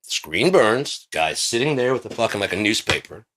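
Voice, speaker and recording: A man vlogging in a casual, rambling monologue, swearing often and getting excited as he pitches his ideas. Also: moderate pace. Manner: rambling, profane, excitable storytelling.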